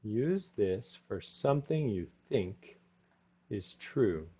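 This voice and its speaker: A man teaching English in a live class, drilling phrases slowly and repeating them with short Spanish asides. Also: on the low side, sing-song, warm tone, breathy edge. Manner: slow, repetitive drilling with brief Spanish asides. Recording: dull lo-fi audio.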